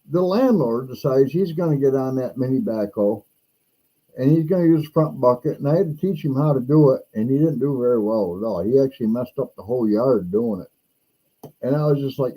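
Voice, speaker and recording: A middle-aged man hosting a casual chat, telling a rambling story and acting out the other people's lines. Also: rough recording. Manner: animated, acts out quoted voices higher; rambling with restarts. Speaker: podcast host.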